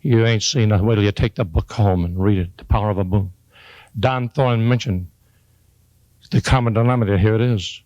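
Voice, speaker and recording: Delivering a homespun, humorous motivational talk before a live crowd, an older man speaks briskly and climbs to excited high points. There's no echo, though the highs in the recording are cut off.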